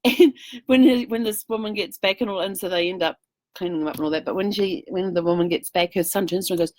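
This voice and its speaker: A woman's voice: fairly low pitch, quick pace, a little mellow, dry recording. A middle-aged woman vlogging in casual chat, telling a rambling story full of fillers. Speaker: travel vlogger.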